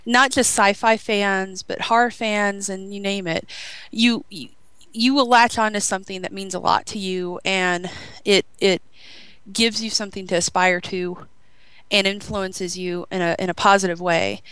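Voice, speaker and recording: Woman radio host, chatty and bubbly, smooth clear voice, dry close sound; casual, filler-heavy talk. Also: mid-range voice, fairly even intonation, measured pace, fairly bright tone, dry recording, poor audio. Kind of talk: casual podcast chat.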